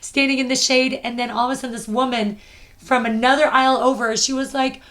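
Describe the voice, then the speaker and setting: A woman with a fairly high voice tells a personal story on a podcast. Her delivery is earnest and heartfelt, in casual conversation. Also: level tone, fairly quick, a bit bright. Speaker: podcast host. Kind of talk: casual chat.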